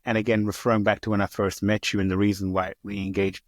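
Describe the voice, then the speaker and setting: A man hosting a podcast interview, listening closely and speaking in a steady, thoughtful way. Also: on the low side, quick pace, no room sound, clean studio sound. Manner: attentive, steady, backchannels often. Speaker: podcast host.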